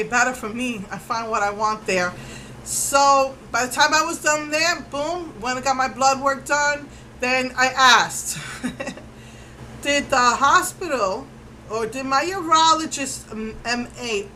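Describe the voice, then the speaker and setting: Woman vlogger, casual storyteller, animated and rambling; slightly high voice, faint background noise. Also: poor audio. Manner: rambling, animated retelling with many fillers.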